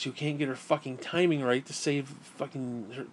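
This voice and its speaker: A man's voice: fairly high pitch, steady tone, moderate pace, hardly any pauses. A man delivering an angry, profane rant, sighing and restarting his sentences as he vents. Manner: profane, exasperated, rambling with restarts and sighs. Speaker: gaming and wrestling commentator.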